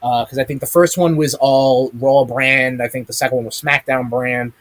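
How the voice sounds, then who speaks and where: Hosting a wrestling chat stream as a podcast host, a man rambles along with many ums and casual cursing, a big chat monitor beside him in the streaming room. He speaks at normal speed in a steady, mid-range voice that's a bit bright.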